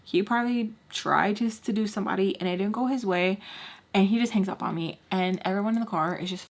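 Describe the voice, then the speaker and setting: A woman vlogger telling a long personal story in a casual, chatty way, full of "like" and quick acted-out lines from other people. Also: mid-range voice. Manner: chatty, heavy use of filler "like". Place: home setup while doing makeup.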